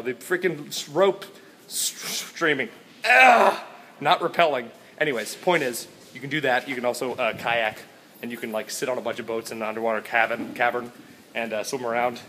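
A man from Florida vlogging from a hotel, tired and out of breath, rambling goofily between loud bursts and mumbles. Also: mid-range voice, steady tone, brisk, a little hiss or hum. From Florida, USA. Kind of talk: hyper casual travel vlog. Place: hotel rooms, halls and balcony.

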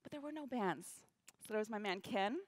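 A woman giving a keynote talk on stage, telling a story in an animated way, acting out quotes and laughing often. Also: mid-range voice, a little fast, no echo. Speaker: keynote speaker. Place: event stage.

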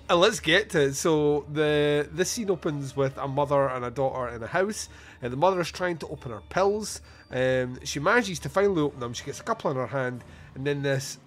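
A Scottish man in his forties hosting a casual movie review podcast, laughing often as he recounts scenes. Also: mid-range voice. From Scotland. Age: 40s. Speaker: podcast host.

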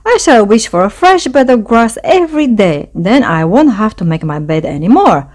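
A woman voicing an eager, excitable vole from the riverbank in a storybook read-aloud. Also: medium pitch, unhurried. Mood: dreamy.

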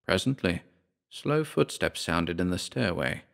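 A man narrating a horror story as an audiobook, slow and dramatic, dropping to a hush in the darkest passages. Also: sits low, lively intonation, creaky.

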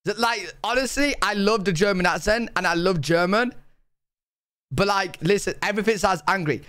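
High-voiced man clowning through accents. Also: normal speed, smooth. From Jamaica. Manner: playful, mumbling fillers, bursts of mock-angry shouting. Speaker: streamer. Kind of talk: joking attempts at accents.

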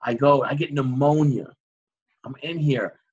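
A man, a guest on an interview show, recounting a dramatic personal story with vivid, animated reenactments. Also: medium pitch, a little slow, slightly rough, muffled recording.

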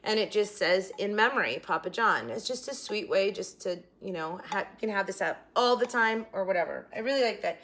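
A woman's voice: mid-range voice, animated, a little fast, hardly any pauses, a little hiss or hum. Tender, chatty older woman crafter. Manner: chatty, tender, trails off into quiet asides. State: holding back tears. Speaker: craft vlogger. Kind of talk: casual crafting tutorial.

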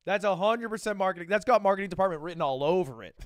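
A man streaming live and reacting to a video in casual chat, animated and crude, often breaking into laughter. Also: sits high, fast, no echo, studio quality.

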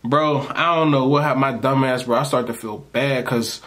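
A man's voice: mid-range voice, moderate pace. A man telling a story casually to camera for his vlog, in a loose, slangy, rambling way that keeps breaking into laughs. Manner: animated, acts out the people he quotes. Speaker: storytime vlogger.

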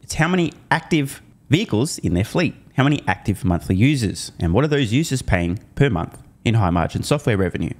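A man's voice: medium pitch, big pitch swings, brisk, hardly any pauses. A man hosting an investing commentary video, sarcastic and emphatic, swearing at forecasters as he reads through a report. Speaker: host.

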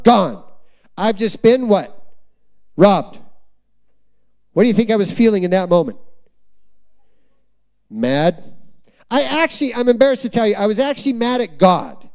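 A man preaching a sermon as a visiting missionary, telling a story with lively delivery and acting out the people in it. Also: high-pitched. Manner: animated storytelling, acts out quoted voices. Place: church sanctuary.

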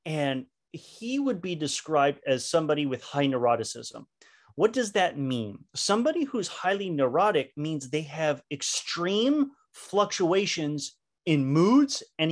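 A male leadership trainer speaks over a video call in a voice pitched somewhat high for a man. He is animated and chatty and often trips into fillers and restarts mid-thought. The delivery sounds like a live online class. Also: a little slow.

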